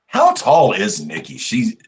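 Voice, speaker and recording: A man co-hosting a wrestling podcast, talking casually in halting starts and repeated words. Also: lowish voice, huge pitch swings. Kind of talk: casual chat.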